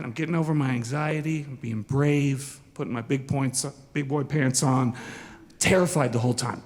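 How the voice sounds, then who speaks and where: A man in his forties from Eastern Washington, telling a personal story on stage in a self-deprecating, animated way. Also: fairly high pitch, in a large hall. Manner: self-deprecating, animated, acts out quoted lines. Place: stage in a large hall.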